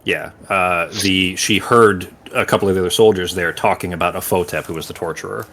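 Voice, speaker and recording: Deep-voiced man rambling as game master. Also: steady tone, brisk, fairly bright tone, slight background noise. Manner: rambling, searching for words, vivid descriptions. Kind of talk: narrating a tabletop game.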